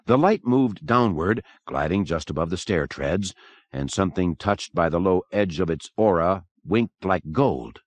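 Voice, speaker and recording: A man narrating a horror audiobook in an expressive, dramatic manner. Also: low-pitched, unhurried, no echo. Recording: dry close recording.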